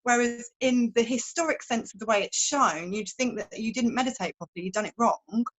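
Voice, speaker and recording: A woman's voice: a little high, fairly quick, poor audio. A woman guest on a podcast, talking frankly and chattily about meditation, with some swearing and playful images. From fishing village. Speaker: meditation teacher and wellbeing guest. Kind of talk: casual podcast chat.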